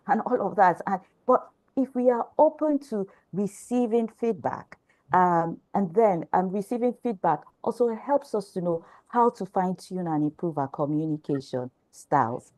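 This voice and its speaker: Mellow-voiced woman panelist giving advice. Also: medium pitch, moderate pace, dry recording. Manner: reflective, advising. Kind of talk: panel talk.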